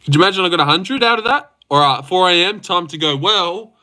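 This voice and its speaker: A man's voice: sits high, quick pace. Sweary young man hosting a livestream. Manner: loose, sweary and excitable. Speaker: livestream host. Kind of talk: casual livestream chat reacting to fights.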